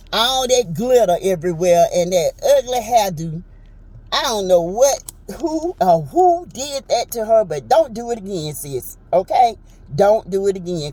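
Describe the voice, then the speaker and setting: A woman, casually recapping a reality show in a chatty, animated way and acting out quotes in a high voice. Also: poor audio. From Southern United States.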